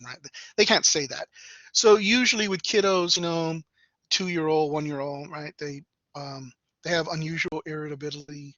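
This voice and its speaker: A man's voice: a little high, steady tone, moderate pace, a bit bright, dry recording. A man giving a classroom lecture in a conversational way, often checking in with "right?". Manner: conversational, tags sentences with "right?". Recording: dull lecture recording.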